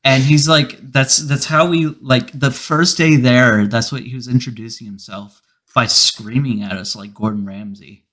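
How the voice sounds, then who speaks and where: A man hosting a casual podcast at a middle pitch, with a voice that is neither high nor low. He rambles through stories and mock-serious rants, stumbling and swearing as he goes. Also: steady tone, moderate pace, hardly any pauses, a bit bright. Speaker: podcast host. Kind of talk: casual chat.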